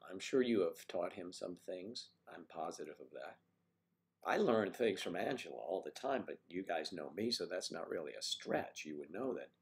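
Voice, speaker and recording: Low-voiced older man hosting a live chat. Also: expressive. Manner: chatty, halting, frequent throat-clearing. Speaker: host of a live stream. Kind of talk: casual live-stream chat reading viewer comments.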